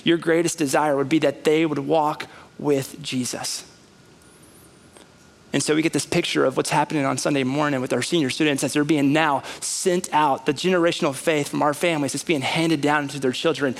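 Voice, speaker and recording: A man's voice: fairly high pitch, creaky. A man in his thirties, a pastor preaching a conversational sermon in a church. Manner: animated, conversational preaching with rising emphasis. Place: church sanctuary.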